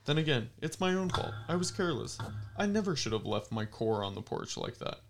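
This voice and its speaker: A man voicing a female android neighbor who is smug and taunting, in a high put-on voice. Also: big pitch swings, fairly quick, background noise.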